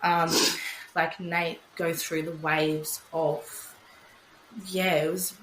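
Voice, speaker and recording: A young Australian woman with a slightly low voice talks candidly as a podcast guest, swearing freely and replaying her own words as she goes. Her voice sits in a roomy, echoing space with a faint hum of ambience behind it. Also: little pitch movement, slow. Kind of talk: candid conversational storytelling.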